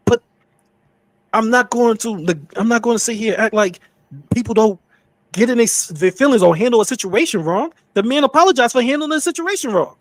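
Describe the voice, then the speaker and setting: Man streamer, quick and preachy, high voice, dry close sound. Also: expressive, dry recording. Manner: fast, insistent, preachy. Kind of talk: commentary.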